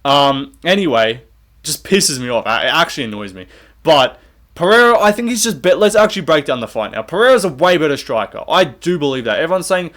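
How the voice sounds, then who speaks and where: A man's voice: fairly high pitch, sing-song, a little fast, fairly bright tone. A young man giving fight predictions in a heated, profane, sarcastic rant. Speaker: MMA commentator. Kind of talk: ranting fight-prediction vlog.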